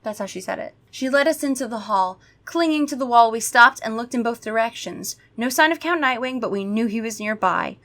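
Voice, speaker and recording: A woman reads a spooky kids' book aloud for laughs, stopping to make snarky, profane comments. Her voice is bright and sharp and sits a little high. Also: lively intonation, brisk, hardly any pauses. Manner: sarcastic, swears, shifts between reading and riffing. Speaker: host reading a children's horror book aloud. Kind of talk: comedic dramatic reading with asides.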